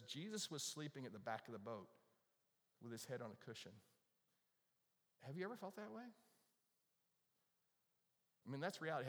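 A man's voice: mid-range voice, fairly bright tone. A man preaching a sermon to a congregation, talking conversationally, asking the audience questions and acting out worried prayers. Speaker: pastor. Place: church with audience. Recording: long reverb of a large hall.

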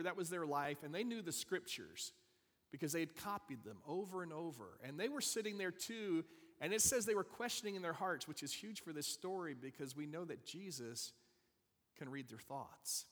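A man preaches a Bible lesson, his voice slightly higher than most men's and ringing with a long hall reverb. He walks through the verses, pausing to talk straight to his listeners with casual asides. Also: fairly bright tone. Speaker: pastor. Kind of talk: sermon.

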